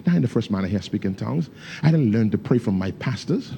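A man's voice: fairly low pitch, expressive, fast talker, vocal fry, dark tone. A man preaching with fervor, his grammar loose and casual as he tells a story to the congregation. He calls out to his listeners and slips into speaking in tongues. A faint hum sits behind him. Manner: storytelling with call-outs to the congregation. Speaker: pastor. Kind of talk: sermon.

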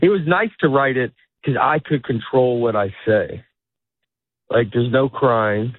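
A middle-aged comedian, appearing as a guest, rambles through a casual chat, often breaking off mid-thought to laugh. His mid-range voice moves a little slowly, and the audio is dry and phone-like with no echo.

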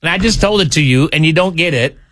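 Animated male radio host telling a joke. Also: fast, no echo, clean studio sound. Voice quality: animated storyteller, swings pitch for the joke's characters. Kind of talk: casual morning radio banter, telling a joke. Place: radio studio.

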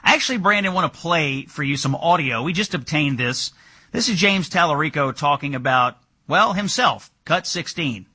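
A man hosting a political talk show, brisk and incredulous as he questions his guest. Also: a little high, animated, bright, forceful tone, slightly rough. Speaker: host.

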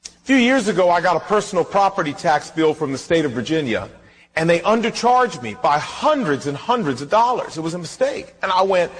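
A male pastor delivers a sermon in a fairly high, husky voice. He drives his points home with emphatic rhetorical questions and acts out his stories. The sound rings with the long reverb of a large hall. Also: very animated, brisk. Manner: emphatic preaching with rhetorical questions and acted-out anecdotes.

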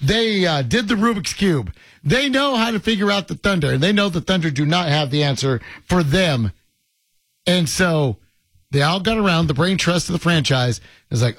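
A man's voice: fairly high pitch, animated, moderate pace, a bit bright, no room sound. A man hosting a sports radio show, teasing his guest with sarcastic, grumbling banter in a studio.

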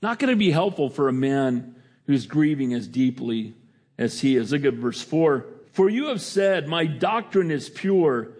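A middle-aged man preaching a sermon in a conversational way, rising to emphatic lines and dropping to quiet reflection. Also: medium pitch, expressive, moderate pace. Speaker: pastor.

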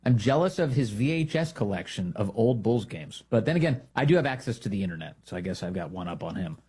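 A man hosting a political talk show, giving sarcastic, animated commentary. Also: on the low side, quick pace, breathy edge. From United States. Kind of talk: opinionated commentary.

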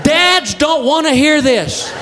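Animated high-voiced stand-up comic man. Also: takes it slowly. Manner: animated storytelling, shouting punchlines. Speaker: stand-up comedian. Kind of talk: stand-up routine. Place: comedy stage with a laughing audience. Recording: live room with crowd and noise.

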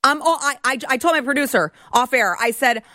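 Indignant woman host, thirties, fairly high voice, dry studio sound, political commentary rant. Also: animated, fairly quick, sharp tone, dry recording. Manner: indignant, ranting.

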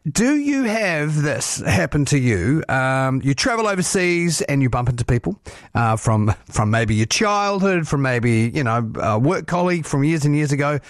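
A New Zealand man links songs and chats on a radio show in a loose, rambling way. His voice sits a little high for a man. The studio is dry and close. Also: no echo. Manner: chatty, rambling. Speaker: radio host. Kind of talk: radio link chat.

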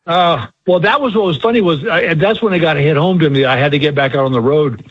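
A man's voice: fairly high pitch, quick pace, husky, dry recording, dull audio. An older man, a comedian guest, telling folksy, laughing anecdotes in a casual interview.

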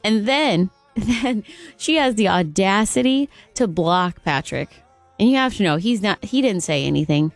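A woman hosting a morning radio show, telling a story in an exasperated, animated way. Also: medium pitch, unhurried, no echo, faint music behind.

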